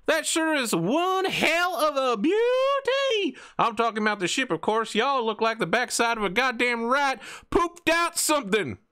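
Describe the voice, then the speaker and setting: A man's voice: very high-pitched, sharp tone, pitched above the performer's own voice, full character voice. A man voicing a boastful male dockhand with a put-on Southern drawl, hollering and folksy.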